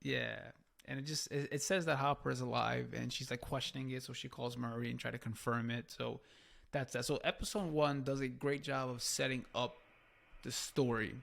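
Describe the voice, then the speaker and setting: Gravelly and fairly bright, this male podcast co-host's medium-pitched voice holds a steady tone at normal speed. He rambles casually through a recap of a show, using plenty of fillers.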